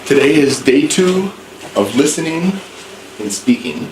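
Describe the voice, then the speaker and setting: A man teaching an English class, speaking slowly and clearly and rephrasing things so learners can follow. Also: a little high, lively intonation. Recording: echoey room, distant mic, background noise.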